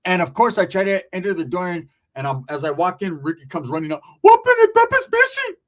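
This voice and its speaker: Profane, high-voiced storyteller. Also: male voice, fast talker. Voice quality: profane, slangy, animated. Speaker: comedic storyteller, channel host. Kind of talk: casual comedic storytelling.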